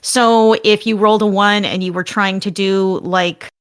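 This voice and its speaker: A woman's voice: mid-range voice, fairly even intonation, a little slow, clear, resonant tone, no echo, studio quality. A woman running a tabletop game as game master, narrating scenes and explaining rules in a rambling, thinking-aloud way.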